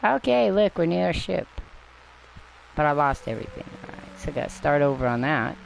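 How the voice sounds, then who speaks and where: A woman's voice: low voice, very animated, fairly quick, vocal fry, a little hiss or hum. An older woman rambling through live gameplay commentary, chatting to herself and her viewers and swearing now and then. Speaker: game streamer. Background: game music.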